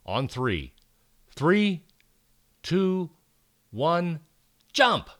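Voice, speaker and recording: A man voicing an excited eleven-year-old girl astronaut in a storybook reading. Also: medium pitch, normal speed, dry recording, clean studio sound, full character voice.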